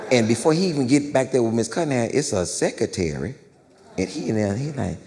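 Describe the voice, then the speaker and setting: Male stand-up storyteller, low voice, slangy and conversational, handheld mic with long stage reverb. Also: expressive, normal speed, dark tone. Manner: loose, conversational, slangy, checks in with the crowd. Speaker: stand-up comedian.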